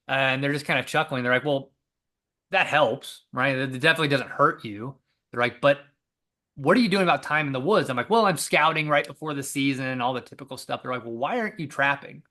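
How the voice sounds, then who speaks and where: A man tells a story in a casual conversation, his voice bright and forceful. He slips into the voices of the people he quotes. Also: medium pitch, fairly quick.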